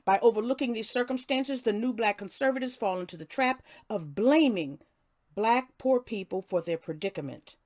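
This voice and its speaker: A woman's voice: a little high, animated, moderate pace, darkish tone, dry recording. An older woman hosting a casual live stream, reading a passage and then greeting viewers by name with many restarts. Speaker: livestream host.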